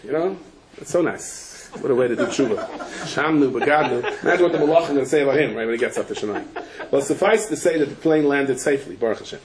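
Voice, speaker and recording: A man, a rabbi, giving a Torah lecture full of stories and Hebrew and Yiddish terms. He tells them with animation and breaks into shouts at the punchlines. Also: medium pitch, fast, a crowd in the background, rough recording. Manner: sprinkles Yiddish and Hebrew terms, frequent restarts.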